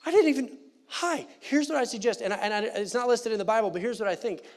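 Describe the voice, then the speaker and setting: A man preaching a sermon in a church, animated and conversational with playful asides. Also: very high voice, fast talker. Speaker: pastor. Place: church sanctuary.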